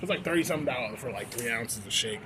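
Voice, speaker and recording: A man with a drawl vents in a loose, rambling way, swearing freely and circling back on himself. His voice sits at an ordinary middle pitch. Steady background noise runs under everything, as if he were recording in a vehicle. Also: slow. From Texas. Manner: loose, profane and rambling, with many fillers. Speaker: fast food worker venting. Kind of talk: casual ranting vlog. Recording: noisy background.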